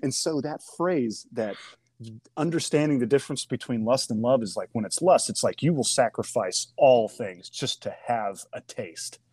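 A man's voice: mid-range voice, moderate pace, a little mellow, breathy edge, no room sound. A man as a podcast guest, reflecting in casual chat and retelling old conversations.

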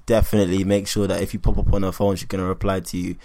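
A man's voice: sits low, little pitch movement, racing, darkish tone. A man in casual, teasing podcast chat, full of slang. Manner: slangy, teasing, laid-back.

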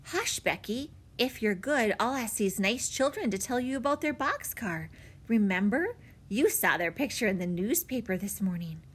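A woman's voice: fairly high pitch, animated, moderate pace, slightly rough. A woman voicing a flustered young babysitter who talks in a coaxing, apologetic way.

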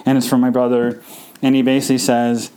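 A man tells a personal story on his podcast, his voice dark and mellow with a smooth, clean tone. He speaks haltingly, stopping and restarting and leaning on fillers, and his delivery is subdued and emotional. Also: medium pitch, monotone, low-quality recording. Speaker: podcast host.

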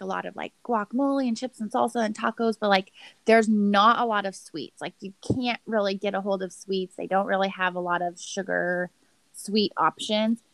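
A woman's voice: medium pitch, vocal fry, fairly bright tone, dry recording. A woman in casual chat, recapping a reality show with a gossipy, chatty manner full of "like.". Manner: chatty, gossipy, heavy use of "like".

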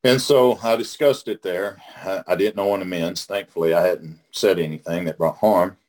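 A man's voice: deep voice, steady tone, normal speed, a little mellow. A middle-aged man from Oklahoma leading a recovery study in a casual teaching talk. He is folksy and emphatic and repeats phrases for emphasis.

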